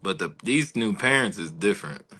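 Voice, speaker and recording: A man hosting a podcast, talking in a relaxed, casual way with short reactions and comments. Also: fairly low pitch, brisk, husky. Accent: Ohio. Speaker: podcast host. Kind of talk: casual chat.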